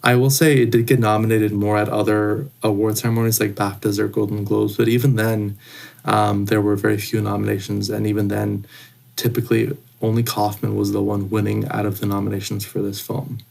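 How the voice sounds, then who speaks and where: A man hosting a podcast, giving film facts in a measured way with small restarts. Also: on the low side, flat delivery, creaky, darkish tone. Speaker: podcast host. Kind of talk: casual podcast discussion.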